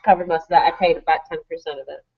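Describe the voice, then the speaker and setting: A woman's voice: low voice, racing. New mom in her 30s telling a story, acting out what everyone said, kinda dull lo-fi webcast sound. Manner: animated storytelling, acts out quoted voices. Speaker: co-host. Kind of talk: casual chat.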